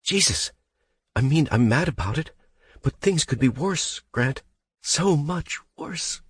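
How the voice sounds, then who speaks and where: A man's voice: lowish voice, expressive, a little slow, a little mellow, husky, no room sound, studio quality, pitched above the performer's own voice. A male audiobook narrator voicing a young distraught woman whose voice cracks with anguish.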